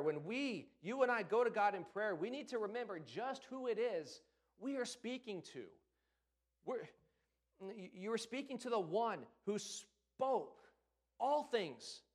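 A man's voice: high voice, lively intonation, moderate pace. A man preaching a sermon in a casual, conversational way, with playful acted-out asides.

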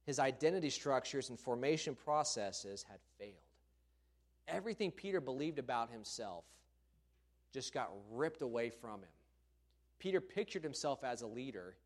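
A man's voice: mid-range voice, sing-song, moderate pace. A man preaching a sermon, telling a story emphatically and expressively.

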